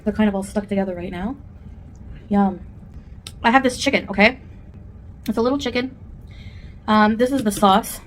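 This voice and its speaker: A woman's voice: medium pitch, moderate pace, long pauses, a little hiss or hum. A woman vlogger chatting candidly at home while eating, rambling from one thought to the next in a casual mukbang. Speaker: food vlogger.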